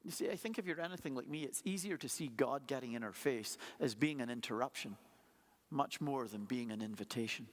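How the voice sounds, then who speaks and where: A pastor preaching a sermon, telling stories in a conversational way with playful asides. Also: male voice, mid-range voice, a little fast. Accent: non-local accent. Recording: long hall reverb.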